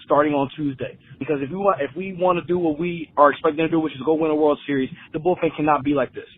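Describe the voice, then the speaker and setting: Male caller, husky voice, tinny phone line, halting fan reaction. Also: on the high side, fairly even intonation. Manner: stunned, halting, repeats himself.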